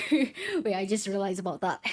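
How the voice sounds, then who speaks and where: A woman's voice: medium pitch, warm tone. A woman streaming a game, chatting casually with frequent giggles and stammering restarts. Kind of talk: casual gameplay commentary.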